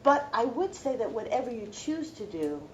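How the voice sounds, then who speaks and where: A middle-aged woman lectures students with heartfelt, reflective storytelling. Her voice sits a little high and moves expressively through its range. A faint hum of ambience runs underneath. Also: sing-song, moderate pace, muffled recording. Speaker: law professor.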